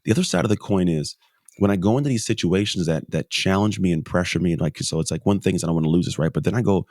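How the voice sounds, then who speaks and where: Deep-voiced guy on a podcast, dry close sound, punchy storytelling, keeps repeating himself for emphasis. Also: fast talker, darkish tone, no echo. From United States. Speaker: podcast guest. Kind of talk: motivational conversation.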